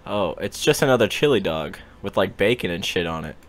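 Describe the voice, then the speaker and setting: A man with a somewhat low voice hosts a casual chat. He is laid-back and offhand and swears freely as he talks. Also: animated, a little fast. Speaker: host.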